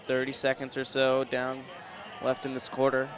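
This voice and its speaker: A young man giving measured, analytical color commentary on a high school football game from an outdoor booth. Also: completely flat delivery, a crowd in the background. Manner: measured, hesitant with fillers, analytical. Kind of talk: sports commentary. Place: outdoor press booth at a stadium. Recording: outdoor stadium with faint band music.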